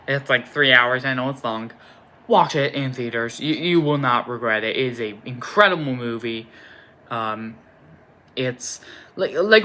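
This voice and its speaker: Young male reviewer with a bright tone and a loose, gushing, self-correcting delivery. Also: mid-range voice. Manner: rambling and enthusiastic, with many fillers and restarts. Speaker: film reviewer. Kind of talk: casual spoken movie review.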